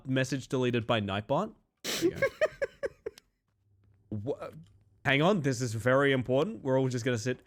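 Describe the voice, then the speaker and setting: A young man chatting casually with his viewers on a livestream, animated and profane. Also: medium pitch, a little fast, long pauses. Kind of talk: casual stream chat.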